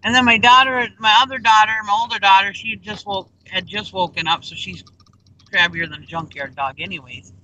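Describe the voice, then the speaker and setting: A woman's voice: mid-range voice, brisk, pushed and bright, muffled recording, a little hiss or hum. A middle-aged woman on a group video call, telling a rambling story in casual chat and acting out the people in it. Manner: rambling, acts out quoted exchanges.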